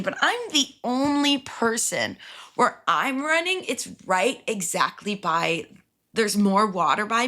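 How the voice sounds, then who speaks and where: Lively young woman podcast host. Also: medium pitch. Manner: animated and expressive, swears freely. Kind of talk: casual storytelling.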